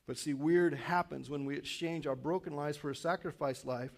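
A pastor in his fifties preaches a sermon in a church, animated and acting out inner voices as he swings between loud and quiet. His voice sits on the high side and he speaks at a moderate pace.

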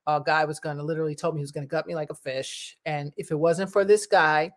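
This is a middle-aged woman talking straight to her viewers. She rambles from one thing to the next in a casual, chatty way, and her voice turns animated when she quotes what people said. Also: low-pitched, fast. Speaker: vlogger.

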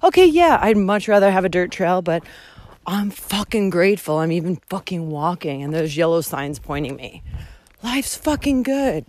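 A young woman rants to her podcast listeners, swearing freely and swinging from loud, excited bursts to low, muttered asides. Her pitch jumps all over the place. The recording is close and dry, with no room sound. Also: dry recording. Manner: profane, blunt and excitable, with big swings in loudness. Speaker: podcast host and hiker. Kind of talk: casual rambling monologue.

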